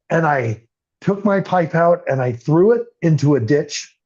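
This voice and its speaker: A man's voice: fairly high pitch, lively intonation, measured pace, a little mellow. An older man telling his recovery story as an interview guest, earnest and emotional. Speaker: podcast guest. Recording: muffled lo-fi audio.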